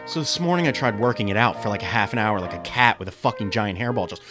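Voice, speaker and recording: A man co-hosting a podcast in casual chat, his throat a little raspy, rambling and swearing with lots of ums and restarts. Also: on the low side, quick pace, over loud music. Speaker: podcast co-host.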